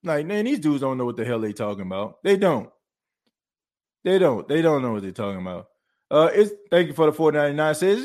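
A podcast host in a fired-up sports talk rant, animated and preachy, calling his listeners folks. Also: on the high side, a little fast.

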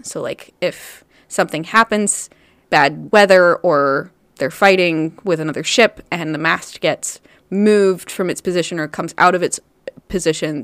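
A woman's voice: lowish voice, fairly bright tone, no echo. Giggly woman host, dry close sound. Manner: laughs often while recounting. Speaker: podcast co-host. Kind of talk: casual storytelling chat.

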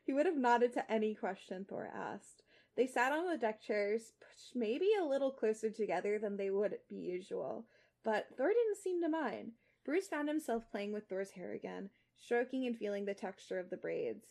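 A woman's voice: a little high, lively intonation, moderate pace, creaky, a little mellow. A young woman podcast co-host reading fan fiction aloud and chatting animatedly, full of fillers.

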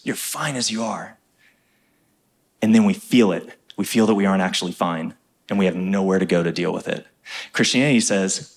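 Male pastor, mid-range voice, lively preaching with punchy emphatic lines. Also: mid-range voice. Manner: energetic preaching with emphatic rises and quick asides. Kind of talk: sermon.

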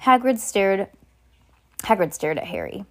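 A woman's voice: mid-range voice, huge pitch swings, unhurried. A woman reading a novel aloud in an unpolished way, with slips and asides to a listener. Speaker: reader.

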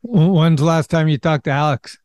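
A man's voice: on the high side, brisk, a little mellow, no room sound. A man interviewing a guest casually, asking short questions and reacting briefly.

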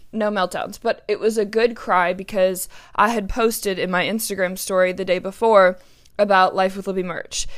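Earnest and emotional, a young woman talks casually on her own podcast, stumbling through many fillers and restarts. She has a mid-range voice with a fairly bright, clear, resonant tone.

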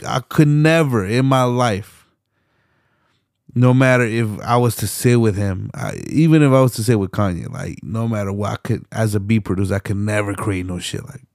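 A man's voice: fairly low pitch, expressive, normal speed, darkish tone, no room sound, studio quality. A young man hosting a solo podcast, rambling passionately with lots of fillers, restarts and swearing. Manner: swears often. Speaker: podcast host.

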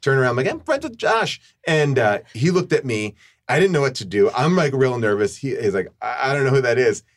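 A man's voice: medium pitch, fast talker. A man who is a comedic actor, guesting on a podcast and telling a rambling anecdote in casual talk, acting out what people said and leaning hard on "like". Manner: animated, rambling, heavy use of "like", acts out quoted lines. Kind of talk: casual storytelling.

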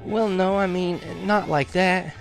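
A man voicing a gentle teenage girl in a storybook reading. The voice is lifted high but kept soft and hesitant, trailing off quietly. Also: fairly even intonation, a little slow, faint music behind. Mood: shy.

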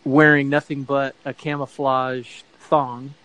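A man's voice: mid-range voice, flat delivery, slow pace, fairly bright tone, clear, resonant tone, rough recording. Middle-aged man rambling through a story. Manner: rambling, self-correcting storyteller who acts out quoted voices. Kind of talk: casual anecdote telling.

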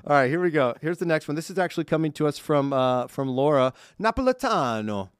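A man's voice: on the high side, fairly even intonation, very fast, dry recording. A young man co-hosting a podcast in a studio, chatting casually and upbeat as he reads fan mail aloud. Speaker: podcast co-host.

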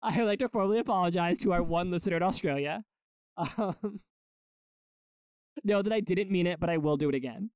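A man's voice: high-pitched, brisk, long pauses, darkish tone, clear, resonant tone, no room sound, studio quality. A young man co-hosting a podcast in casual chat, joking and making mock-formal apologies. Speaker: podcast co-host.

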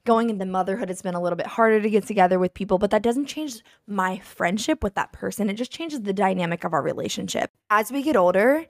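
A woman's voice: medium pitch, fast, few pauses, dry recording. Bubbly woman podcast co-host, dry sound. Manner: bubbly and laughing often. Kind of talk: casual chat.

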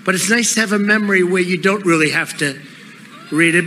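A man giving a rally speech into a podium microphone, emphatic and repetitive, with bursts of shouting. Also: high-pitched, fairly quick, a crowd in the background, background noise. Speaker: political speaker. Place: large rally venue.

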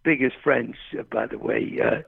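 A man's voice: mid-range voice, moderate pace, no echo. An older man, a tennis coach, telling rambling stories in a phone interview, often saying the host's name. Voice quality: gravelly, husky. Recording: tinny phone line.

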